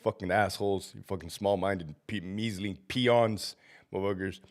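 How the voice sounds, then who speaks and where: A man's voice: sits low, steady tone, normal speed. A man hosting a casual livestream, a former prison officer who is sick and feverish, swearing heavily, ranting and laughing often between greetings to viewers.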